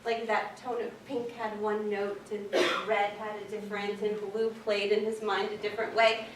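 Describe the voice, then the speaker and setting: A woman librarian giving a casual, animated workshop talk, chatting with plenty of fillers. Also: mid-range voice, normal speed. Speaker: children's librarian presenting at a workshop. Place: meeting room at a public library. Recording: echoey room, distant mic, faint noise.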